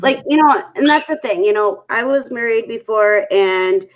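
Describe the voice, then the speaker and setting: Animated woman storyteller, slightly high voice. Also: normal speed, dull audio. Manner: animated storyteller, full of fillers and restarts. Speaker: panel guest. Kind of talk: casual chat. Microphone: video call.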